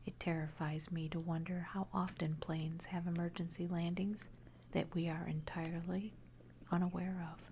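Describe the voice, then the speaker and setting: A woman narrating a first-person horror story in a hushed, unvoiced whisper throughout. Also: fairly low pitch, level tone, moderate pace, slight background noise.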